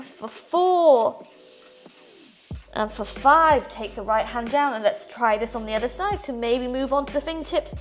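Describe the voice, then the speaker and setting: Young female yoga instructor, high and bright, cueing poses and counting breaths over faint music. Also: lively intonation, a little slow. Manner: upbeat, counts breaths aloud while moving through poses. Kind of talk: guided yoga class instruction.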